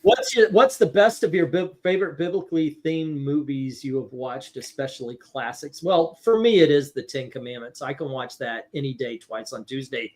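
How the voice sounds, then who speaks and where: A man's voice: mid-range voice, moderate pace, few pauses. A middle-aged man hosting a casual chat, telling a rambling anecdote with restarts and swearing. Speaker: livestream host.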